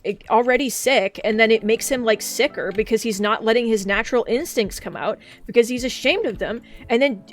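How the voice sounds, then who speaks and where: A woman streamer chatting casually and excitably, often swearing and breaking into laughter. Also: a little high. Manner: excitable, swears a lot, frequent laughing outbursts. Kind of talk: casual live-stream chat. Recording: faint background music.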